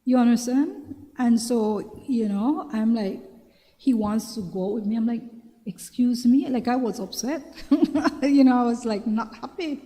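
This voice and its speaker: A woman's voice: fairly high pitch, unhurried, dark tone. Chatty Belizean woman host, echoey room. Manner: chatty, repeats herself, asks "you understand?". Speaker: talk show host. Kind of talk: casual advice monologue. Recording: long reverberant room sound.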